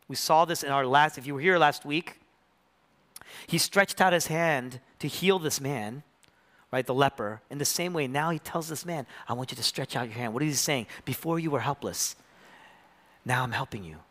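A male pastor preaching a sermon, swinging from hushed, whispered lines up to loud, impassioned climaxes. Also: mid-range voice, moderate pace. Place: church.

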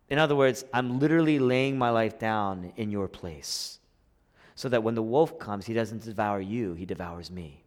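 A man preaching a sermon as a pastor, swinging between hushed, intimate lines and rising, emphatic passages. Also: lowish voice, animated, normal speed. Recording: long hall reverb.

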